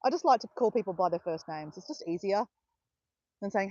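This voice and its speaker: Speaking briskly in a mid-range voice, this Australian livestream host is captured with no room sound and the highs cut off. She chats with her viewers, calls them out by name, and cheers excitedly at times.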